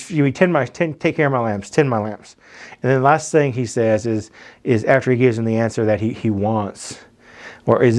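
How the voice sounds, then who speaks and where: A man's voice: medium pitch, darkish tone. A man with a Southern American accent, a youth pastor teaching a Bible passage in a casual, conversational way, often restarting and repeating words.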